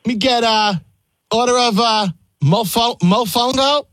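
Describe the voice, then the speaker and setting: A man's voice: very high voice, measured pace, fairly bright tone, no echo, studio quality. A man making a prank phone call, playing an innocent customer. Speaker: prank caller.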